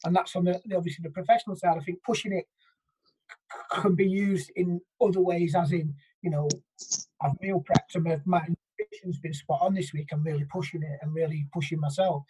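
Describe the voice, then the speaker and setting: A co-host talks in a slightly breathy voice. They think aloud in a relaxed chat and often restart their sentences. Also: medium pitch, brisk, low-quality recording. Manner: thoughtful, hesitant restarts. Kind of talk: casual podcast chat.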